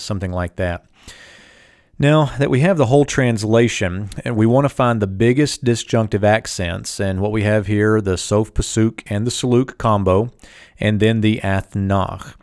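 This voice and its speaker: A man teaching a Hebrew language lesson in a calm, methodical way, walking through each term step by step. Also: lowish voice, moderate pace, no echo, studio quality. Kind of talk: screen-share Bible language lesson.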